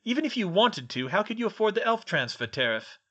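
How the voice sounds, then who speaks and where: A man's voice: a little high, lively intonation, moderate pace, a bit bright, muffled recording. A man voicing a haughty, menacing aristocratic wizard father who sneers and hisses. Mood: outraged. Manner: haughty and sneering, hissing at times.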